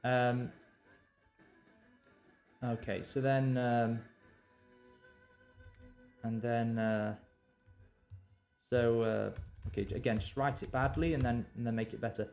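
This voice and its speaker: Male writer, mid-pitched voice, halting think-aloud delivery, soft music playing behind. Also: steady tone, vocal fry. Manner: halting, many fillers and restarts, reads draft lines aloud. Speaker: novelist live-streaming his writing. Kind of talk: thinking aloud while drafting.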